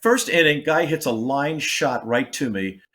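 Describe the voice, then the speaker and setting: An older man spins comic stories in an easygoing chat, his pitch leaping up and down as he plays out the voices of the people he quotes. His voice sits in a middle register, and he sounds relaxed and unscripted. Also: a little slow. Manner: animated, acts out quotes with big jumps in pitch. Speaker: comedian guest. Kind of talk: casual storytelling chat.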